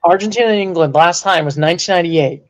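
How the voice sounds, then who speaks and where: Animated high-voiced man talking sports. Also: quick pace. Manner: animated, bursts into mock outrage and shouting. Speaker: podcast co-host. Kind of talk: casual sports chat.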